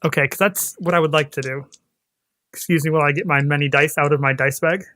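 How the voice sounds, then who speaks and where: A man's voice: a little high, fast talker, bright, forceful tone, a little hiss or hum. A man playing a character in a tabletop game, answering with earnest, wry remarks. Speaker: player.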